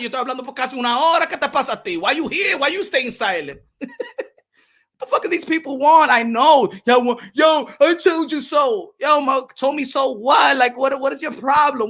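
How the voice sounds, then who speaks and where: A man's voice: very high voice, pushed and bright. A man hosting a boxing livestream, ranting heatedly and profanely as he talks to his chat. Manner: heated, profane, repeats himself. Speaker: boxing commentator. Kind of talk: livestream rant reading chat.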